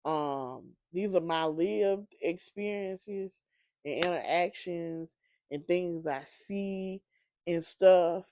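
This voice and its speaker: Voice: medium pitch, slow pace, darkish tone. A sleepy, yawning podcast host and apostle, rambling conversationally through a casual solo monologue with many fillers.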